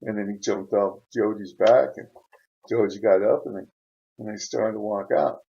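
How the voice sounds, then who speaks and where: A man hosting his channel, retelling a viewer's letter in a rambling way, chuckling often and filling pauses with "uh.". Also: fairly low pitch, fairly even intonation, creaky, dark tone, lo-fi sound. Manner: rambling, chuckling, frequent fillers. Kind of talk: casual storytelling.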